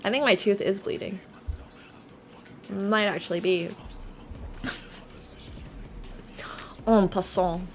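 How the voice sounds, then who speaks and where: Woman streamer, casual chat with viewers, unhurried delivery, lots of "like", quick to laugh. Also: mid-range voice, fairly even intonation, slight background noise. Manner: chatty, heavy use of "like", laughs easily. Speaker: chess streamer.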